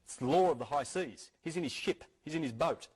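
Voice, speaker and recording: Husky guy giving a talk, earnest, keeps repeating himself and restarting. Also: a little high, animated, a little fast, a little mellow. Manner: earnest, repeats key phrases and restarts often. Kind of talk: lecture-style talk to an audience.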